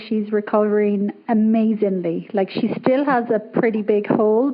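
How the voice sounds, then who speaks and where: A woman with an Irish accent, calling in to a show and chatting casually in an upbeat, chatty way. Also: mid-range voice. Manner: chatty, upbeat, quick to laugh. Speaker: caller. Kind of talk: casual call-in chat. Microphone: remote call audio. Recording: muffled lo-fi call audio.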